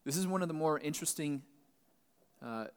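A man's voice: fairly high pitch, brisk, smooth. A man pastor giving Bible teaching, reading a passage and then explaining it plainly. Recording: long reverb, large hall.

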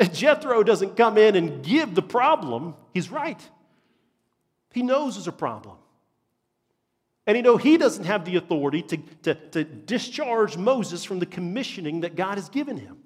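A man's voice: sits high, big pitch swings, moderate pace, slightly rough. A man, preaching a sermon as a pastor in an earnest, emphatic way and repeating phrases for stress. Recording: long reverb of a large hall.

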